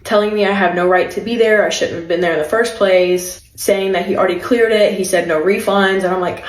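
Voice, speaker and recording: Young woman, casual storytime vlog, chatty, laughs a lot, mid-pitched voice, roomy echo. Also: fairly even intonation, moderate pace, slight background noise. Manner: chatty, laughs often, many "like" fillers.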